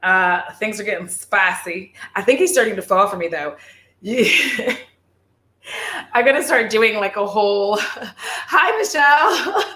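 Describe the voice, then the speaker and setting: Chatty, giggly woman streamer; mid-pitched voice with room echo. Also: a little slow, bright, forceful tone. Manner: giggly, rambling, lots of fillers. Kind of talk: casual livestream chat.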